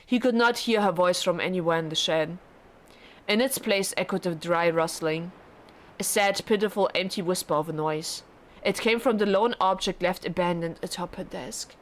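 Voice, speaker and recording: A woman's voice: lowish voice, moderate pace. Emotional young woman streamer. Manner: emotional, dramatic, loud outbursts. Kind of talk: blind visual novel playthrough with reactions and narration.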